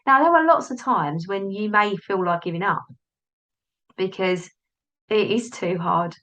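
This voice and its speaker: A woman's voice: mid-range voice, unhurried, long pauses, a bit bright, highs cut off. Chatty woman hosting a solo podcast. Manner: chatty, self-interrupting, acts out inner voices. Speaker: podcast host, business coach. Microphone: device's built-in mic, not the plugged-in one.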